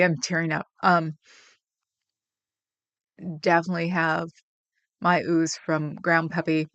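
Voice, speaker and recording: A woman's voice: on the low side, no room sound. A woman hosting a livestream, chatting casually and rambling with viewers, getting emotional about her pets. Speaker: livestream host.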